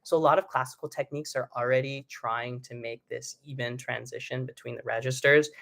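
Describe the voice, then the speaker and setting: A young man who is a vocal coach, teaching a live online singing lesson in a relaxed, explaining way and breaking into short sung demonstrations. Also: medium pitch, brisk, vocal fry.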